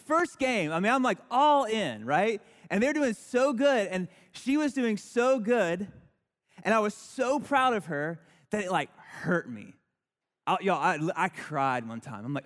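A man's voice: high-pitched, sing-song, a little slow, a bit bright. A man, preaching a sermon in a conversational, earnest way and putting questions to the congregation. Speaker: pastor. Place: church sanctuary. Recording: church hall reverb.

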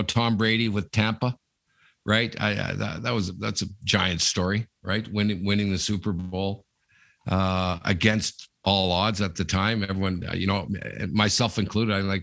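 A man's voice: lowish voice, a bit bright, dry recording, studio quality. A man co-hosting a podcast, telling stories in a rambling, casual way with lots of fillers. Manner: rambling storyteller, many fillers. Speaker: podcast co-host. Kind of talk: casual chat.

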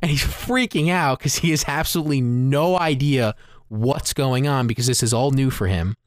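Animated man with a smooth, dry voice. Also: mid-range voice, moderate pace, dry recording. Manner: animated storyteller, retells scenes with lots of "like". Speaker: podcast co-host, movie reviewer. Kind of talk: casual podcast discussion.

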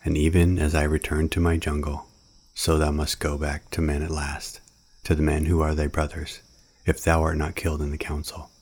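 Deep gravelly black panther, tender and grave, husky storybook voice, read by a man. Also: completely flat delivery, moderate pace, a little mellow, full character voice.

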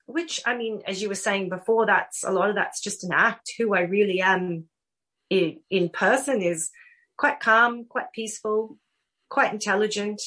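A middle-aged woman with an Australian accent, a guest author telling stories animatedly in a casual podcast interview. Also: medium pitch. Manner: warm, animated storytelling with laughs.

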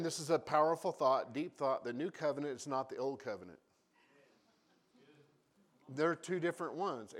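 A man preaching a sermon, telling Bible stories with humorous asides and acting out the voices of the people in them. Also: medium pitch. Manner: animated storytelling with acted-out voices. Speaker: pastor.

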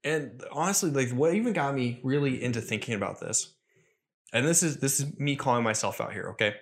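Young male podcast host, mid-pitched, earnest solo monologue, loose and rambling. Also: lively intonation, a little fast. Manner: earnest, self-critical, rambling with restarts.

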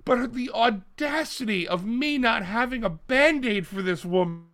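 A man's voice: very high-pitched, measured pace. A man co-hosting a podcast, telling stories in a casual comedic chat and swearing freely. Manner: animated storyteller, mimics people loudly. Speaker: podcast co-host.

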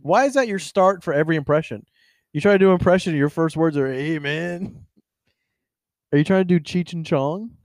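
A man's voice: a little high, fast talker, a little mellow, no echo, studio quality. A young man hosting a casual podcast, joking and swearing freely, laughing often. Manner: joking, profane, laughs often, breaks into silly impressions. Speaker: podcast host.

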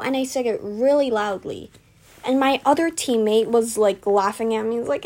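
A woman's voice: fairly high pitch, lively intonation, moderate pace, darkish tone. A teenage girl chatting casually in a self-deprecating, rambling storytime vlog, venting with indignation. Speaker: vlogger.

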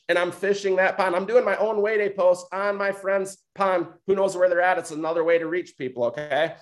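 A man's voice: high-pitched, fairly even intonation, fairly quick, hardly any pauses. A man from Michigan who coaches other coaches, giving a motivational talk. He talks emphatically, repeats his points and keeps checking in with "right?" and "okay?".

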